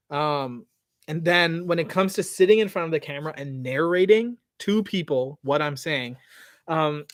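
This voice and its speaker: A man hosting a casual livestream Q&A outdoors, talking in a slangy, animated way that trails off at the ends of phrases. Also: a little high, no echo, clean studio sound. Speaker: host. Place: outdoors by parked cars.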